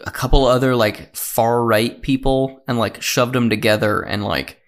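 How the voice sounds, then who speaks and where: A man's voice: mid-range voice, fairly even intonation, moderate pace. A man co-hosting a podcast, talking in loose casual chat with many fillers. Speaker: podcast co-host.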